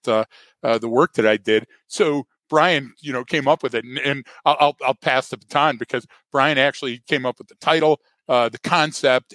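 A man chatting loosely on a podcast, his voice at an ordinary middle pitch. He rambles through a story with plenty of "uh"s and drops jokes at his own expense. The sound is dry and close, with no room around it. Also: fairly bright tone, no room sound. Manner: rambling, self-deprecating jokes, many "uh" fillers. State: hearing loss. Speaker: podcast co-host, guest. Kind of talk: casual podcast conversation.

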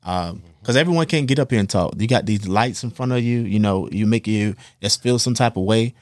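A man's voice: fairly low pitch, brisk, darkish tone, no room sound. A man hosting a podcast, reassuring and encouraging his guest with a lot of fillers. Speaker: podcast host. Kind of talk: supportive interview conversation. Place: podcast studio under lights.

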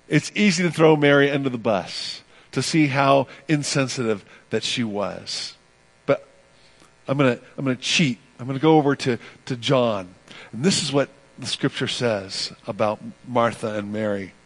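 A medium-pitched man preaches at normal speed, his sermon emphatic and full of repeated phrases. His volume rises and falls as he shifts between loud and soft passages.

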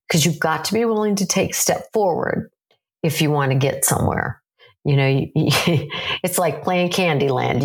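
A woman giving practical advice on communication in a direct, encouraging, conversational way. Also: lowish voice. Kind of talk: advice talk to camera.

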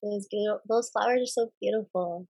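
Gravelly, breathy woman speaking slowly. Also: mid-range voice, no room sound, poor audio. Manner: soft-spoken, giggly, hesitant with many ums. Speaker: podcast guest, healer. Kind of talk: casual podcast interview.

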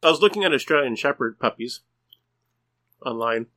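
A man's voice: medium pitch, animated, moderate pace, bright, forceful tone. A man co-hosting a podcast, explaining things in casual chat. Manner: explanatory, informative. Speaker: podcast co-host.

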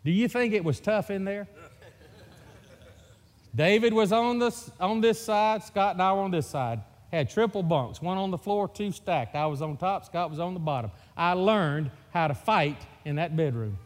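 Mississippi preacher in a reverberant hall. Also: male voice, sits high, normal speed. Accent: Mississippi Southern. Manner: folksy, joking storyteller. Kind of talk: sermon. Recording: long reverb of a church hall.

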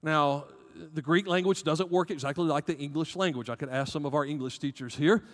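A man's voice: on the high side, a little fast, long reverb tail. A man with a Southern American accent preaching a sermon as pastor, emphatic, rising and dropping in volume.

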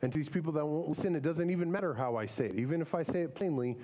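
Male pastor, relaxed chatty preaching style, slightly high voice, long hall reverb. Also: racing. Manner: conversational, many fillers and restarts. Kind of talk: casual sermon.

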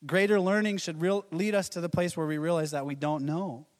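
A man in his thirties delivers a sermon, slipping into quoted voices and chuckling as he tells stories. His voice sits a little high, and a long reverb from the church hall trails each phrase. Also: steady tone, fairly quick. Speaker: pastor.

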